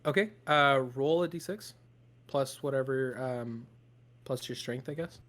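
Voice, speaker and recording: A man's voice: medium pitch, measured pace, fairly bright tone. A man running a tabletop game as game master, narrating loosely with fillers and laughter.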